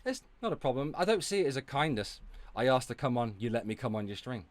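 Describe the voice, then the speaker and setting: A man's voice: mid-range voice, sing-song, fast. A man streaming, ranting and talking back to his chat, sweary and sarcastic. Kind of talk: ranting livestream commentary.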